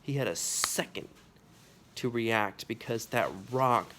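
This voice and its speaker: A man telling a personal anecdote, animated and full of sound effects and casual asides. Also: mid-range voice, slow, a little hiss or hum. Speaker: storyteller. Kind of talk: personal anecdote told to camera.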